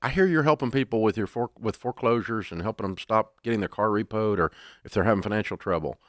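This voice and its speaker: An eager amateur male radio host, put on by a man telling a story. The voice is pitched well above his usual tone and comes through dry and close. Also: fast, no echo, close to an everyday voice.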